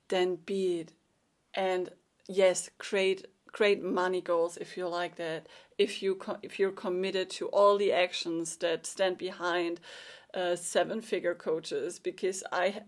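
Earnest woman life coach speaking heartfelt. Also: on the low side. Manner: earnest and emotional, with soft laughs. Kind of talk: heartfelt solo monologue.

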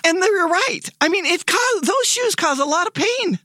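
A woman in her sixties, a podcast guest, telling stories in a lively way and acting out the voices she quotes. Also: very high voice, normal speed, no room sound. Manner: lively, animated storyteller who acts out quoted voices. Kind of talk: casual podcast storytelling.

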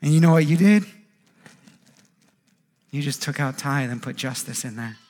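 A man in his thirties preaching a sermon, animated, acting out quoted voices and often repeating words as he goes. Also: mid-range voice, normal speed. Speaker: pastor.

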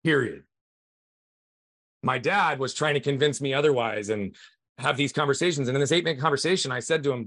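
A man's voice: medium pitch, a little fast, long pauses, a bit bright, no echo, clean studio sound. A middle-aged man, a podcast guest, earnestly telling a personal family story with emphatic conviction.

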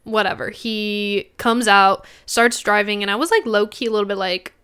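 A young woman co-hosting a podcast, telling a personal story in casual chat, animated and swearing, quoting others. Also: mid-range voice, moderate pace, clean tone. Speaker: podcast co-host.

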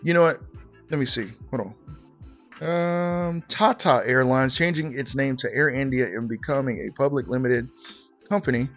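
Man, podcast host, casual news commentary, mid-pitched voice, faint music underneath. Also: moderate pace, a bit bright. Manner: reads news aloud then reacts with blunt, laughing commentary.

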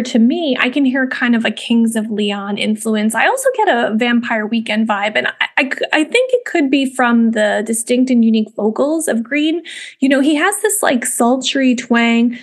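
A young woman hosting a music podcast, talking casually with lots of fillers and restarts. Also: on the high side. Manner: chatty, many fillers and restarts. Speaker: podcast host. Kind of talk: casual spoken commentary.

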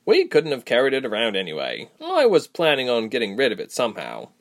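A man voicing a blunt, fiery young woman traveler who talks gruffly and matter-of-factly. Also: medium pitch, huge pitch swings, a little fast. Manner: gruff, teasing, matter-of-fact.

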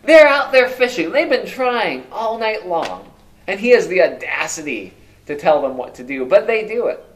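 Man preaching, slightly raised pitch. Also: sing-song, normal speed. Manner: rhetorical questions, swings from loud to hushed. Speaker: pastor. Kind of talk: sermon.

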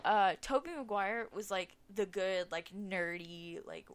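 A woman's voice: medium pitch, unhurried, clear, resonant tone. A teenage girl co-hosting a podcast, giving blunt opinions and giggling often. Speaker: podcast co-host. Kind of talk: casual chat.

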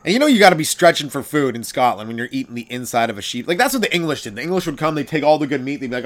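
Animated man riffing jokes. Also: mid-range voice, fast. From Canada. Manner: animated, swears freely, breaks into loud exaggerated character voices. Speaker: comedian podcast host. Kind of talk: stand-up riffing monologue.

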